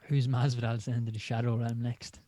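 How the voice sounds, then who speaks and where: A man's voice: mid-range voice, level tone, fairly quick, warm tone. A man co-hosting a casual live chat, easygoing and agreeable, often giving short replies. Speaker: podcast co-host.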